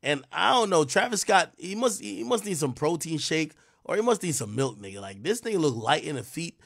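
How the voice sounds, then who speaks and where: A man's voice: a little high, very animated, fairly quick, gravelly, a bit bright. A man hosting a live stream, giving casual, rambling commentary full of profanity and trash talk. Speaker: livestream host.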